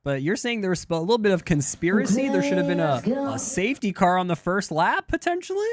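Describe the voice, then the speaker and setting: A man hosting a sim racing league live stream, rambling excitedly and talking to his chat. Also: high voice, brisk, crowd noise. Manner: hyped, rambling, talks to chat. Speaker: streamer and race league host. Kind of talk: casual live-stream commentary.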